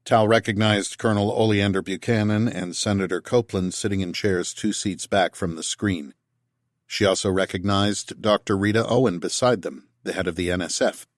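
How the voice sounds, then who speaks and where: A male audiobook narrator with a lowish, middle-range voice, reading in a steady, even manner. The recording is close and completely dry, with no room around it. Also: normal speed, dry recording.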